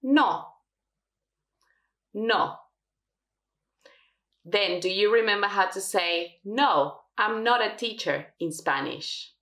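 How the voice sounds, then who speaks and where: A woman teaching a language lesson, slowly modelling each word twice for learners. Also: medium pitch, pushed and bright, reverberant. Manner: slow, careful modelling of words. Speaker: Spanish teacher.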